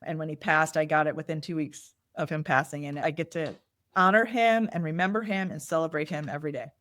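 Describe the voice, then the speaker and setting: Reflective woman, low voice, dry sound. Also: fairly quick, a bit bright, no room sound. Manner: reflective storyteller, acts out quoted dialogue. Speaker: nonprofit fundraising consultant, guest. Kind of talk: candid podcast conversation.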